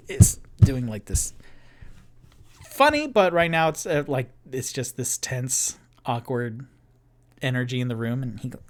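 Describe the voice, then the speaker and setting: A man narrating as game master of a solo tabletop game, describing scenes in an unhurried way with many fillers. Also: medium pitch.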